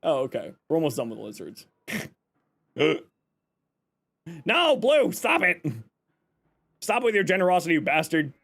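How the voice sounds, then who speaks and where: A man's voice: on the high side, big pitch swings, normal speed, gravelly, pauses often. A man from Canada live-streaming, chatting with viewers and reacting with joking exasperation. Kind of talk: casual live-stream chat.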